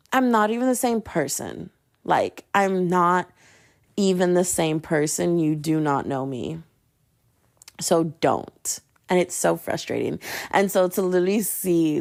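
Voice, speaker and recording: A young woman hosting a solo podcast, ranting casually and acting out what other people said, with slangy, animated storytelling. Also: mid-range voice, gravelly. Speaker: podcast host.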